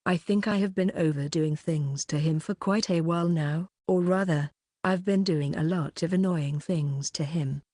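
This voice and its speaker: A devoted young woman speaks softly, almost hushed, in a lowish, even voice, as a woman narrator reads her lines. She is the loyal childhood friend of an audiobook. The recording is dry and close. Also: no room sound, lightly acted. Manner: soft, hushed.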